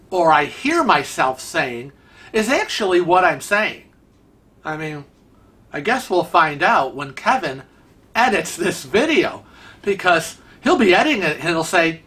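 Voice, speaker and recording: A man hosts his vlog with a touch of a Rochester, New York accent. His voice is bright and forward, and he rambles from point to point in a chatty, teasing way. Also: high voice. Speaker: vlog host. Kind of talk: casual vlog commentary.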